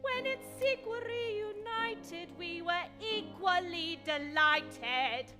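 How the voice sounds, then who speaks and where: An imperious, domineering duchess from a staged operetta, sung by a woman. Her very high soprano sweeps through tart, commanding lines on a live stage. A full orchestra plays loudly behind her. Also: takes it slowly, over music. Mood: triumphant. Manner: tart, sweeping operatic singing. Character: imperious middle-aged duchess, domineering wife. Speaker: opera singer. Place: theatre stage, live performance.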